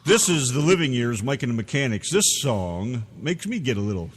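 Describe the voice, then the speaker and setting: A man's voice: medium pitch, sing-song, moderate pace, slightly rough, in a large hall. A man hosting an internet radio show in loose, rambling, profane banter.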